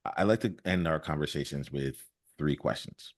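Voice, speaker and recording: A man's voice: very deep voice, normal speed. A man hosting a podcast interview in an earnest, casual way, often repeating his first words and talking straight to his listeners. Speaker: podcast host.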